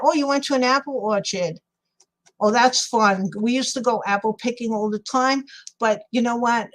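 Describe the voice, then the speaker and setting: A woman's voice: a little high, low-quality recording. A middle-aged woman with a New York accent chats loosely while she crafts on a livestream. She rambles from one thing to the next, laughs a lot and answers her viewers by name. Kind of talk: casual chat while crafting and reading live chat.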